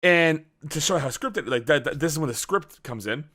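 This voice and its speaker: A man on a casual podcast tells a story with a lot of energy, acting out his own reactions and swearing freely. His voice sits a little high and swoops up and down in pitch. He sounds like a host chatting with friends. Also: animated, normal speed, bright, forceful tone.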